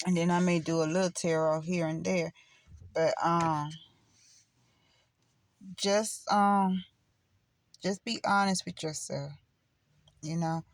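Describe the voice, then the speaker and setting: A middle-aged spiritual vlogger talks casually to the camera on her channel, blunt, preachy and rambling. Her fairly low, steady voice moves slowly with long pauses, and there's no echo.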